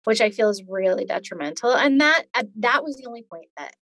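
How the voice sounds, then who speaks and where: A woman's voice: mid-range voice, animated, a little fast, fairly bright tone, no room sound. A woman in her forties telling her own story in an interview, earnest and detailed. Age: 40s. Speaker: podcast guest.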